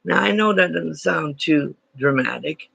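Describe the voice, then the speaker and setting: Gravelly man teaching with jokey asides. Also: fairly high pitch, animated, unhurried, sharp tone, no echo. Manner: jokey, self-deprecating asides. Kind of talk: playful classroom lesson. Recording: dry, dull lo-fi sound.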